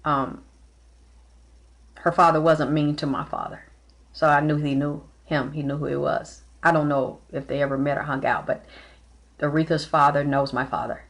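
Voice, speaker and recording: A woman speaking casually to a live audience, rambling and halting, with many fillers and restarts as she greets viewers mid-story. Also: deep voice, fairly even intonation. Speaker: spiritual medium host. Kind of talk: casual livestream talk.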